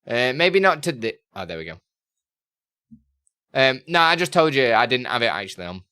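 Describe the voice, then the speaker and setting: A man hosting a casual live stream, chatting freely with his audience. His pitch swings up and down animatedly as he reads messages aloud. In between, he mutters to himself about his settings. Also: sing-song, normal speed, clear, resonant tone, dry recording, clean studio sound. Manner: chatty, reads chat aloud and mutters while fiddling with software. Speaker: live streamer answering chat questions.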